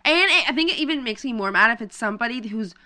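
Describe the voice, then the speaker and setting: Smooth, bright young woman venting. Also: a little high, quick pace. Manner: animated venting, casual swearing. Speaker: podcast co-host. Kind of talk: casual chat.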